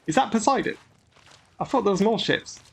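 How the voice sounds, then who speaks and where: A man's voice: high voice, expressive, fairly quick, gravelly, breathy edge. A man hosting a gaming channel, giving chatty, grumbling, self-mocking commentary as he plays. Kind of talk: gameplay commentary.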